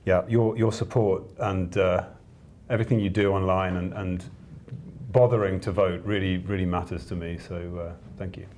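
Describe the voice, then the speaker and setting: A British actor, a man, in a casual interview, speaking with a hesitant, halting manner and many fillers. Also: deep voice, fairly even intonation, background noise. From Britain. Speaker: actor receiving an award.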